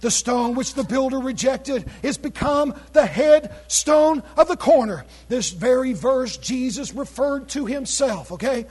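A man preaching a sermon, reading scripture aloud and calling out to his congregation with shouted exclamations, while losing his voice. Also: extremely high pitch, a little slow, hardly any pauses, husky. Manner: reads scripture in King James wording.

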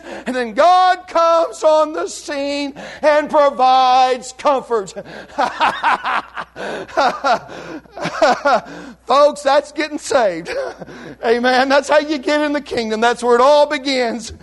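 A man preaching an impassioned revival sermon in church, shouting some lines and dropping to a hush on others, calling the congregation to answer back. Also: extremely high pitch, drawn-out words. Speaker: pastor. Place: church sanctuary.

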